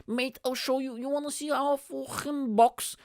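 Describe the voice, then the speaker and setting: A man's voice: extremely high pitch, steady tone, no echo, studio quality, pitched above the performer's own voice. A man putting on the voice of a drunk young man who rants about conspiracy theories, slurring and swearing. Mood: drunken ranting. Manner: slurred, swearing, slow and loud.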